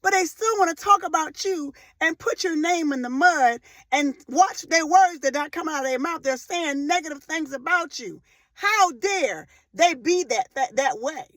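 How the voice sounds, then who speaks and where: A woman in her forties delivers a faith-based motivational talk in a high, ringing voice. She speaks with fervent emphasis, hammering home repeated phrases and surging into loud, emotional peaks. The recording is dry and close, with no room echo. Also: animated, moderate pace. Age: 40s. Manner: rises to loud emotional outbursts.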